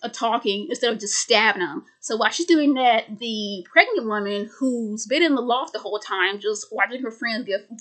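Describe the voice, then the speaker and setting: A woman's voice: on the high side, normal speed, hardly any pauses, a bit bright. A young woman casually recapping a film, stuttering and restarting words often. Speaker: video creator.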